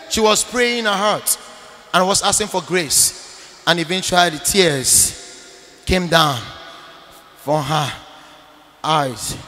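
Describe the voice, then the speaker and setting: Male priest, sermon; forceful, bright tone, insistent repetition, reverberant hall sound. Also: fairly high pitch, slow pace, long pauses. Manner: emphatic preaching with sudden loud bursts; repeats phrases for emphasis. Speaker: Catholic priest.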